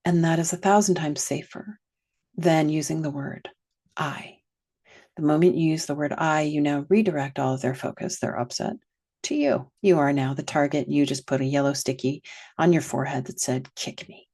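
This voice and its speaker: A woman teaching a guided reflective lesson, slow and gentle, sometimes dropping to a soft whisper. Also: sits low, steady tone. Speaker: wellness teacher.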